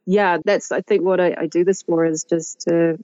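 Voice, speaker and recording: A middle-aged woman with a New Zealand accent, a guest who talks about her work in a lively, chatty way and laughs often. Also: on the low side, normal speed, dry recording, highs cut off. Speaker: guest, agroecologist and author. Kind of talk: conversational interview.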